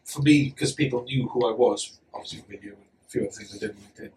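A man's voice: mid-range voice, racing, darkish tone. A man from West Wales, chatting freely as a podcast guest and telling stories. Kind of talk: casual chat. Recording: slightly distant mic, faint room noise.

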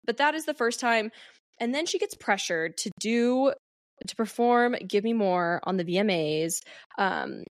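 A young woman hosts a podcast and casually recaps a book, chatty and full of "um" and "like," reading quotes aloud. Her voice is a little high and she speaks a little slowly. The studio-quality recording has no echo.

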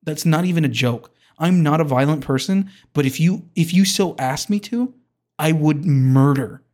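A man's voice: a little high, moderate pace, a little mellow. Rambling man ranting for laughs. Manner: rambling and hyperbolic, with frequent self-interruptions and restarts. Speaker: podcast host. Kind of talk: comedic rant.

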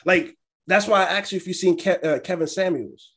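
A man's voice: high voice, fairly quick, husky. A young man chatting casually as co-host, telling stories and acting out what others said. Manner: storytelling, quotes others in an animated way. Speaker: podcast co-host. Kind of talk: casual chat.

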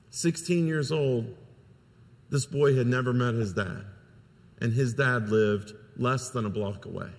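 A man's voice: medium pitch, unhurried, in a large hall. A male pastor preaching a sermon, telling a story earnestly with frequent restarts.

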